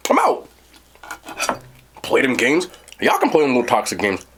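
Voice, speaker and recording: At normal speed and medium pitch, a man hosting an eating show casually tells his live chat a story, animated and addressing viewers directly. There's slight background noise.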